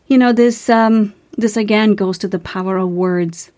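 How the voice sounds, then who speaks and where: A woman's voice: mid-range voice, fairly even intonation, a little slow, hardly any pauses, a little mellow. An earnest woman hosts a motivational podcast, working through numbered verses. She reads them out, then talks about each one in an encouraging way, stumbling now and then with fillers and restarts. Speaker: podcast host.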